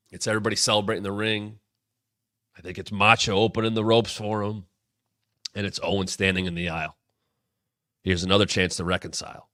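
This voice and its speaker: A man in his thirties hosts a wrestling show, recapping old storylines in casual retrospective commentary with real enthusiasm and sudden energetic bursts. His bright, forceful voice sits low. The recording is close and dry, with no room sound at all.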